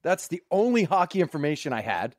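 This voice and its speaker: Man from canada, slightly high voice, dry close sound, laughing storyteller, swears a lot. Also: very animated, a little fast, a little mellow, no room sound. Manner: laughs through stories, swears freely. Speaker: former hockey player. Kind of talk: casual storytelling chat.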